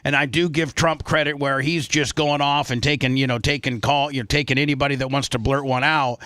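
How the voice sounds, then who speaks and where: A man's voice: mid-range voice, steady tone, brisk, bright, forceful tone, no echo. A male radio host chatting casually on air, rambling with stammering restarts, close to the studio mic. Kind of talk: casual talk radio chat.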